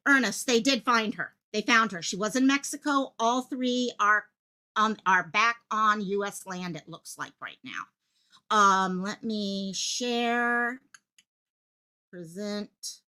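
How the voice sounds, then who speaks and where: Excited, bright-voiced woman streaming live. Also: mid-range voice, slow, smooth. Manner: excited, breathless, jumps between thoughts. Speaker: livestream host covering a missing-child case. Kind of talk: live-stream commentary, reading chat. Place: her home office.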